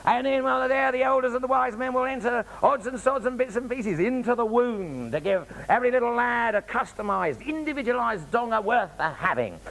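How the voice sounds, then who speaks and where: Gravelly, lively raconteur. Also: male voice, extremely high pitch, a little fast, few pauses, low-quality recording. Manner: animated storytelling with cheeky asides. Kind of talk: comic travel monologue.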